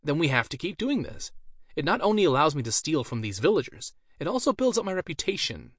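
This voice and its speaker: A man's voice: fairly high pitch, sing-song, brisk, a bit bright, breathy edge, no room sound, studio quality, voice pushed up, full character voice. A man voicing a vain, showy male mage who speaks in a grand, theatrical manner. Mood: self-assured.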